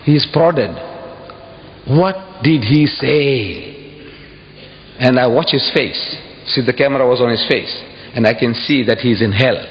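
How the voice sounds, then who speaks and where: A man giving an impassioned public speech to an audience, emphatic and repeating phrases, with sudden high exclamations. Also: slow. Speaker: public speaker addressing an audience. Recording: dull echoey hall recording with faint hiss.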